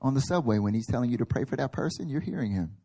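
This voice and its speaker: A man's voice: medium pitch, animated, very fast, dark tone. A male pastor preaching a sermon at a church service, emphatic and building in intensity, acting out little quoted voices.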